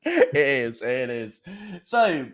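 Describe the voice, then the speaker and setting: A man's voice: medium pitch, huge pitch swings, very slow. A man hosting a live interview show, chatty and upbeat, laughing easily. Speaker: host.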